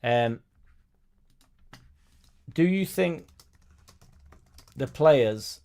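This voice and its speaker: A man's voice: medium pitch, moderate pace, darkish tone. A man hosting a casual football fan live stream, reading viewer comments aloud and answering them in a chatty way. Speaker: fan channel host reading live chat.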